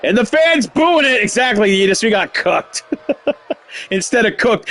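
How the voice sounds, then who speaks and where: A man streaming live, calling a wrestling video game play by play. He yells, swears and laughs at the action. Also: high-pitched, lively intonation, unhurried. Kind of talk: excited live play-by-play commentary.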